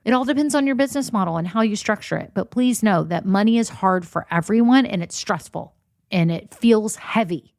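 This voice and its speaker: A woman's voice: mid-range voice, brisk, darkish tone, dry recording, studio quality. A woman hosting a solo business podcast, talking candidly and encouragingly to listeners, often saying y'all and voicing their worries. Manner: says y'all. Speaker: podcast host and business coach.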